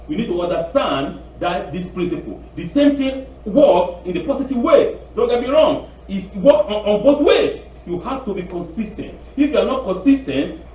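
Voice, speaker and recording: A man giving an informal sermon on the weekly Torah portion, animated and repetitive, acting out phone calls with a raised voice. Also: high voice, recorded from a distance, slight background noise. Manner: repeats words and restarts often. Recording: echoey room, off-mic, dull sound.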